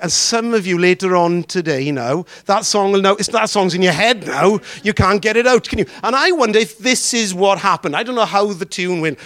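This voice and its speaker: A man preaching a sermon, drawing out key words and throwing questions to the congregation. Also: high-pitched. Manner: animated, drawn-out emphatic phrasing with questions to the congregation.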